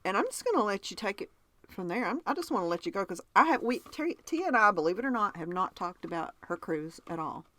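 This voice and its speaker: A woman's voice: mid-range voice, big pitch swings, fast, pushed and bright, dry recording. A woman with a Southern accent hosting a podcast in casual chat, who laughs often and keeps asking her cohost questions. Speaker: podcast host.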